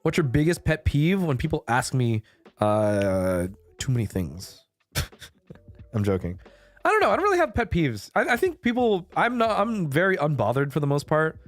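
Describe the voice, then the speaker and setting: A man's voice: on the high side, wildly swooping pitch, normal speed, no echo. A man streaming a casual chat, laid-back and swearing casually, with faint music behind him. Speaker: VTuber streamer.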